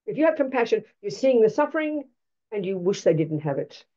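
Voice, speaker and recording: A woman gives a Buddhist teaching, her pitch swooping widely as she drives each point home. Her tone is mellow and dark, her manner blunt and emphatic, full of rhetorical questions. The recording sounds dull and lo-fi. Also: very animated, a little fast.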